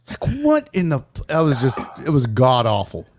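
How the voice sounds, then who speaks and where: A man's voice: mid-range voice, normal speed. A man, a comedian and sports talk host, telling a crude story as a guest in casual chat. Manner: profane, animated storyteller.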